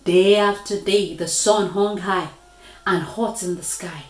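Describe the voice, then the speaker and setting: A woman reading a storybook aloud to children in an expressive read-aloud voice. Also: medium pitch, slow pace, reverberant, low-quality recording.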